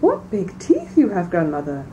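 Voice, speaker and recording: A woman voicing an innocent, trusting little village girl in a storybook reading, in a high childlike voice. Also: huge pitch swings, moderate pace, warm tone, dull audio. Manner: high, wide-eyed childlike voice. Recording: distant mic, faint background noise.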